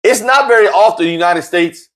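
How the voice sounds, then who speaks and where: A man runs a casual sports talk show at a slightly fast clip, animated and cracking jokes. He repeats his points, and his voice jumps high in moments of excitement.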